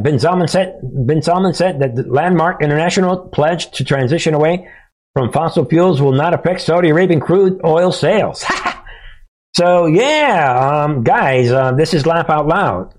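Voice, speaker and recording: A man's voice: on the high side, darkish tone. A man hosting a political commentary monologue, talking in a chuckling, sarcastic, conversational way. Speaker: commentary show host.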